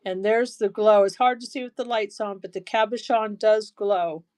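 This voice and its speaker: A woman hosting a live-stream jewelry auction, chatty and excitable, gushing over each piece. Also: medium pitch, moderate pace. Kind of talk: live auction selling chat.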